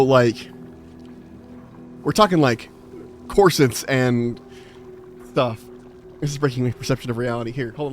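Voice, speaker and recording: Rambling streamer guy. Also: mid-range voice. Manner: rambling, explanatory, lots of filler "like". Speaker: livestreamer. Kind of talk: casual chat while gaming.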